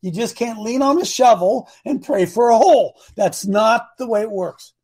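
A man's voice: sits high, moderate pace, darkish tone, slightly rough. A man preaching a sermon as a coach, folksy and emphatic, retelling Bible stories in slang.

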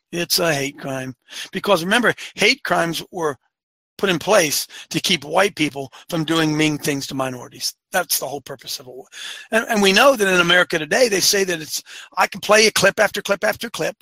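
A man's voice: sits high, gravelly, bright, forceful tone, no room sound. A man delivering a fiery opinionated monologue as a show host, firing off rhetorical questions and repeating phrases for emphasis.

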